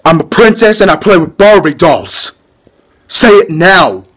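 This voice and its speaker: A man's voice: high-pitched, expressive, unhurried, fairly bright tone, slightly rough, heavily acted. A man voicing a sneering 42-year-old male bully in a homemade skit, taunting a younger man. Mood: menacing.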